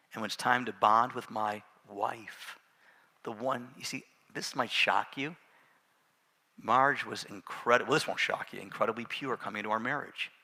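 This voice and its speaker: Middle-aged man preaching in a church hall with long reverb; high, cutting voice, swings between loud emphasis and quiet asides. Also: creaky. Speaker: pastor. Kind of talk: sermon. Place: church sanctuary.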